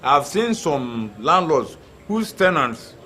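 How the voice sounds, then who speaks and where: A man's voice: fairly high pitch, big pitch swings, slow pace, a crowd in the background. A man playing a chatty landlord at a residents' meeting. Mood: emphatic. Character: talkative male landlord, agreeable meeting member.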